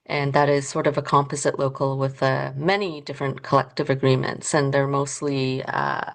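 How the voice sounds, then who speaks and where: A woman's voice: very deep voice, level tone, moderate pace, vocal fry. A woman who works as union staff, a guest on a podcast interview, explaining things thoughtfully with some hesitations.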